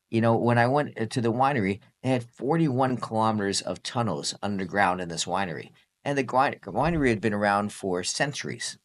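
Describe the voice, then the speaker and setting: A man hosting a podcast, chatting casually and rambling with frequent restarts. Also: on the low side. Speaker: podcast host.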